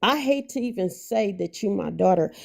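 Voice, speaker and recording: Black woman, angry and blunt on a live, raspy low-grit voice. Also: lively intonation, moderate pace, a little mellow. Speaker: guest mother on a livestream. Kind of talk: heated livestream talk.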